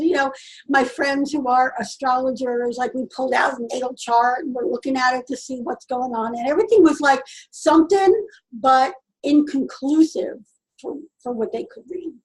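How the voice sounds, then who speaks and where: A woman with a high voice tells a personal story in a relaxed, conversational way. She sounds earnest and halting, and often stops to restart her sentences. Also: low-quality recording. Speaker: vlogger.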